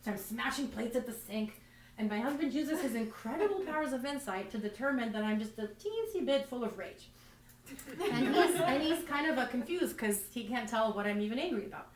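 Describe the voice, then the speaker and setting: Brisk and animated, this woman has a fairly high pitch as she performs stand-up, telling self-deprecating stories that ramble and restart. The mic is distant and the room sounds spacious.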